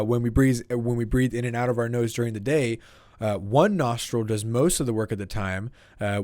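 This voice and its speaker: A man's voice: medium pitch, a little mellow, no room sound. Rambling young man reading trivia aloud. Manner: rambling, stumbles over words, reads out trivia. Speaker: podcast co-host. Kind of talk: casual chat.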